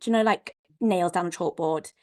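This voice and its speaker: A woman's voice: on the low side, a little fast. A woman, a podcast guest, frankly telling her personal story in a chatty way full of "like" and the odd swear. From Wales. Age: adult mother. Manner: frank, expressive, peppered with "like" and mild swearing. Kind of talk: candid conversational storytelling.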